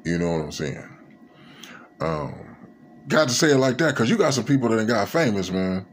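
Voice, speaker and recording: A man's voice: on the low side, big pitch swings, moderate pace. A man talking to camera in a casual reflective monologue, rambling and profane, with many fillers. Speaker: vlogger.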